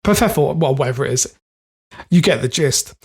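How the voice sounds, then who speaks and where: Reading strange news items on a podcast he co-hosts, a young man drifts into jokes in casual comedic chat. He speaks fairly quickly at a medium pitch, with lively intonation and a breathy edge.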